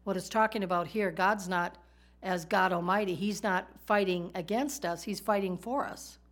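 A woman's voice: mid-range voice, fairly even intonation, normal speed. A woman teaching a sermon in a conversational way, asking her listeners rhetorical questions. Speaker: Bible teacher.

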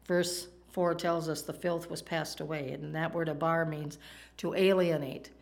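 A woman's voice: sits low, fairly even intonation, unhurried, vocal fry. A woman preaching a sermon in a conversational way, often asking her listeners questions. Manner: conversational, asks the audience questions.

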